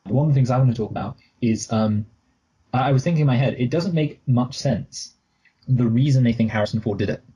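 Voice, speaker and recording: A man's voice: mid-range voice, fairly quick, mellow, breathy edge, poor audio. A man co-hosting a casual movie review chat, rambling and correcting himself, with joking asides. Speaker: podcast co-host.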